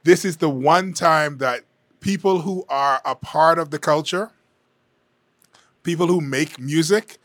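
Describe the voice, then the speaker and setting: A man talks through his opinions in a candid, conversational way, hedging as he goes. His voice sits a little higher than most men's. The recording is dry and close, with no room sound. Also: unhurried, fairly bright tone, no room sound. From Bahamas. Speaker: political commentator. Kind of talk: casual opinion monologue.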